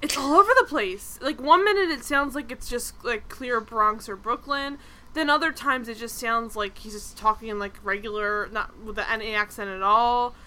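A woman co-hosting a casual TV review podcast, chatty and animated, full of "like" fillers. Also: a little high, normal speed, a little hiss or hum. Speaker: podcast co-host.

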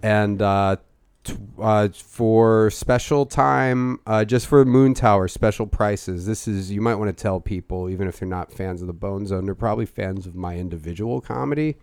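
A man co-hosting a comedy podcast, deadpan and dry, now and then breaking into shouted mock rants. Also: lowish voice, moderate pace, smooth, no room sound.

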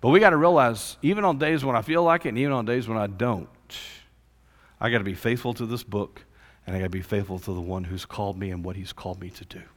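A man preaching a sermon, telling stories in an animated, casual way. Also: on the low side, fast. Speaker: pastor. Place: church hall. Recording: reverberant church hall.

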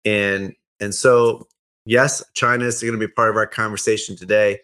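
A man hosting a casual chat, upbeat and chatty, quick to laugh. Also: on the low side, flat delivery, bright, forceful tone. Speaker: host.

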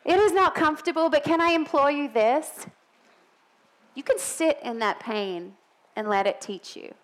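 Woman in her thirties, high voice, earnest sermon delivery, personal and emphatic. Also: normal speed, low-quality recording. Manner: earnest, personal storytelling with laughs, rising to emphatic peaks. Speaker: pastor's wife preaching.

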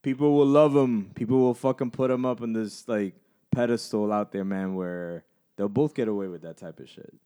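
A man's voice: lowish voice, normal speed, warm tone, clear, resonant tone. A man co-hosting a podcast, rambling casually with lots of "like" and "you know" and loose swearing. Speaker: podcast co-host. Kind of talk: casual chat.

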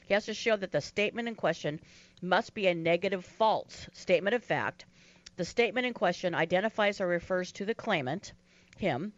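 A woman with a lowish voice lays out the legal steps steadily, with frequent ums and uhs. She sounds like she is on a discussion panel, and the audio is dull and lo-fi. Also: expressive, fairly quick. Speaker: legal commentator.

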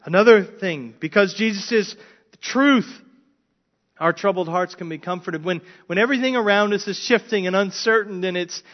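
A man's voice: high voice, moderate pace. A pastor preaching a sermon in an earnest way, often repeating words as he builds his points. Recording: dull lo-fi sermon recording.

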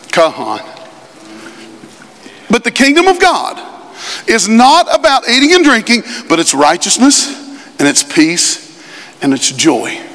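A middle-aged male pastor preaching a sermon in a church, animated and shouting at times. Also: very high voice. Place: church sanctuary. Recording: live church recording with hall reverb.

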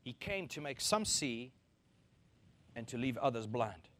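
A man preaching a sermon, animated, acting out quoted voices to mock them and laughing between his points. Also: medium pitch, measured pace. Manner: animated, acts out mocking quotes.

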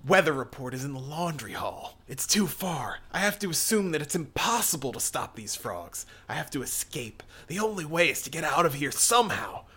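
A composed, scheming priest mutters to himself in a low, whispery hush, as a man reads him out from a comic. The voice is bright and sharp and swoops widely in pitch. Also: big pitch swings, normal speed, hardly any pauses, slightly rough, heavily acted. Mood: muttering. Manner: muttering under his breath, mostly hushed and whispery. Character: composed, scheming middle-aged male priest. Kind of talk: reading comic dialogue aloud.

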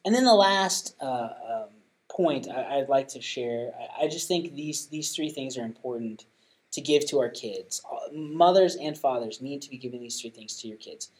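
A man's voice: mid-range voice, lively intonation, normal speed, rough recording. Earnest man sharing parenting tips. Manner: earnest, many restarts, rising emphasis on key points. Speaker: podcast co-host giving parenting tips. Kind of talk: casual chat.

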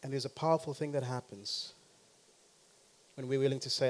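A man preaching a sermon who talks straight to the congregation and swings from quiet to loud and emphatic. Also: medium pitch, steady tone, moderate pace.

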